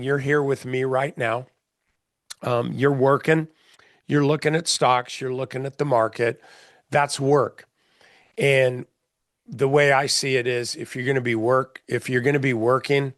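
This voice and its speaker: A man's voice: medium pitch, no echo, studio quality. A middle-aged man, a trading mentor, giving blunt, folksy market commentary in a casual session, with many fillers and restarts.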